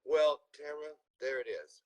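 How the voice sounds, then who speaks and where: A man's voice: a little high, normal speed, darkish tone, low-quality recording. A man hosting a live video show, thanking his guest with effusive praise. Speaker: host.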